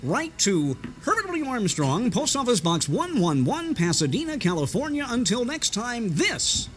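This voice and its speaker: A theatrical radio preacher whose voice stretches like a rubber band, leaning on drawn-out words and sweeping up into a high register, as a man puts him on. Every phrase swoops and rises with dramatic lift. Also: wildly swooping pitch, heavily acted. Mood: sign-off. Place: restaurant.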